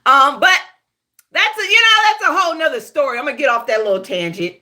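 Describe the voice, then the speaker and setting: A woman's voice: high voice, lively intonation, fast talker, sharp tone. A woman from Houston with a Southern accent, hosting a casual, profane gossip monologue, full of laughing asides and "y'all" to the viewers. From Houston, Texas. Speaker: gossip show host.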